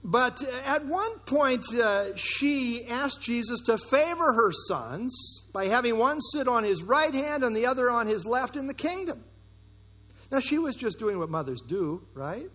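A man pastor preaching a sermon in church, earnest and emphatic, slowing down to stress key phrases. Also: very high voice, sing-song, pushed and bright.

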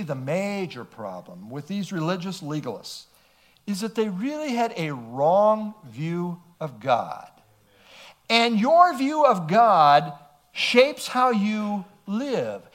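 A man's voice: sits high, sing-song, takes it slowly, a bit bright. A male pastor preaching an emphatic sermon, reading scripture aloud and asking rhetorical questions.

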